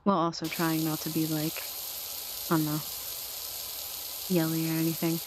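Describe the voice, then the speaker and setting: A young adult woman streaming a game in a soft-spoken ASMR manner, teasing and chatting lazily with her viewers. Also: low voice, monotone, normal speed, noisy background.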